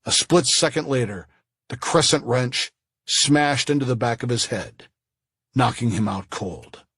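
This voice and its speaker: A man reading a thriller audiobook in a measured storytelling manner. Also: mid-range voice, a bit bright, husky, no echo, studio quality. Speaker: audiobook narrator. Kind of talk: scripted thriller narration.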